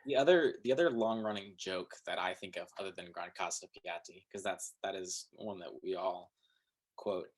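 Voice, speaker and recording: A man's voice: low voice, normal speed. Hesitant self-deprecating male guest. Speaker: guest musician. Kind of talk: casual chat.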